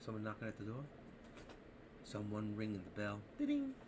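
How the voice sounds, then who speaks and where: A man hosting a live trading stream, talking to viewers in an excitable, rambling, joking way. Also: on the low side, a little fast, very noisy. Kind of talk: casual live-stream commentary.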